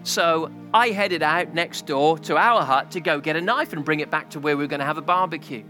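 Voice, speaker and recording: A man's voice: a little high, fairly quick, sharp tone, faint music behind. A male pastor preaching a sermon, telling a story and building to a passionate climax.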